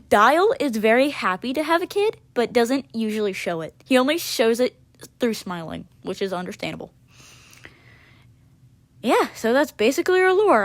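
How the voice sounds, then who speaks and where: A woman chatting casually on her own channel, rambling off on tangents and shrugging things off in an offhand way. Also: mid-range voice. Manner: offhand and dismissive, drifting tangents. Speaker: video creator.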